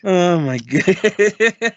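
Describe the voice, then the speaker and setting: A man's voice: high-pitched, expressive, very slow, noisy background. A man co-hosting a podcast in crude, profane, casual banter, laughing often, on dull, dry lo-fi audio. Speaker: podcast co-host.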